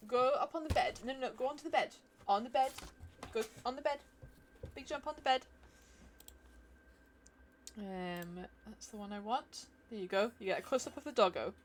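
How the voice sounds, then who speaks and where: A woman's voice: fairly high pitch, normal speed, pauses often, slight background noise. A chatty, giggly woman, musing aloud as she streams herself playing a game. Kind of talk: casual live-stream chat while gaming.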